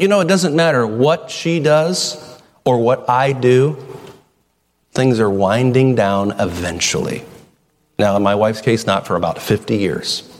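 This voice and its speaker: A man's voice: on the high side, in a large hall. A middle-aged male pastor preaching a sermon in a conversational way, full of rhetorical questions.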